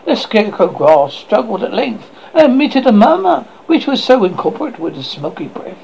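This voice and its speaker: A man hosting a horror show, reading a story aloud in an expressive way, with frequent stumbles and restarts. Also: high voice, moderate pace, gravelly, slight background noise. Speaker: horror host. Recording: muffled lo-fi recording.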